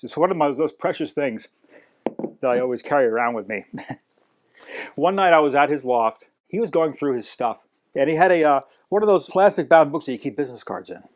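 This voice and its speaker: A man telling animated anecdotes in an interview, mimicking the people he quotes. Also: on the high side, moderate pace. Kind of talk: storytelling interview.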